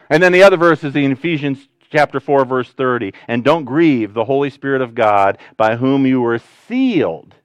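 Smooth-voiced man preaching a sermon. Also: mid-range voice, no room sound. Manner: conversational, animated preaching with sudden loud rises and quiet drops. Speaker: pastor.

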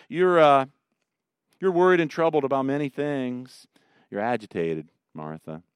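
A middle-aged man preaches with a lower, smooth and resonant voice, recorded close and dry. He swings from loud emphatic lines down to hushed, tender ones. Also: no echo. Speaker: pastor. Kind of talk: sermon.

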